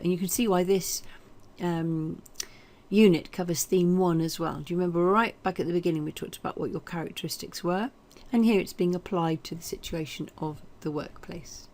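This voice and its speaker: A woman's voice: fairly low pitch, fairly even intonation, normal speed, dark tone. Chatty woman teaching a French lesson. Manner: explanatory, chatty, with fillers and hesitations. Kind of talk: recorded language lesson.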